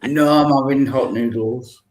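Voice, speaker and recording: A man in casual chat, making deadpan quips. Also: medium pitch, unhurried.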